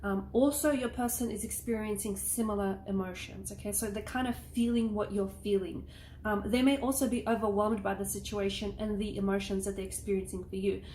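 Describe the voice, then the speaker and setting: A woman's voice: medium pitch, fairly even intonation, a little fast, warm tone. Woman doing a chatty tarot reading. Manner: rambling, reassuring, frequent "okay?" check-ins. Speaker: tarot reader. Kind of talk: casual tarot reading to camera. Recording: echoey room with faint noise.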